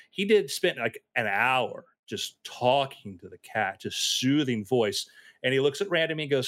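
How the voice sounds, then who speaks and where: A man telling stories in casual chat, animated and acting out the voices of people in them. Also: medium pitch, moderate pace.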